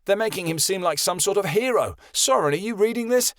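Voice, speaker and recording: A man's voice: sits high, expressive, fairly quick, fairly bright tone, no echo, studio quality, voice pushed up. A man voicing an indignant teenage boy in a fantasy audiobook. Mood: angry. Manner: heated, indignant. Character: angry teenage boy of nearly sixteen.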